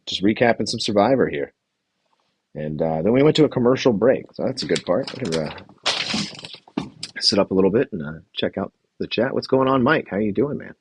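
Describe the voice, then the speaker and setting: A man's voice: on the low side, expressive, a little fast, slight background noise. A man hosting a casual livestream recap, rambling and chatty as he reads from his notes and greets the chat. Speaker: podcast host recapping a reality show.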